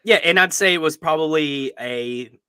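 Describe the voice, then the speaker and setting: Bright-voiced laid-back man. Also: fairly high pitch, normal speed, smooth, dry recording. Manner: laid-back, many fillers. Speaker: podcast co-host. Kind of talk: casual chat.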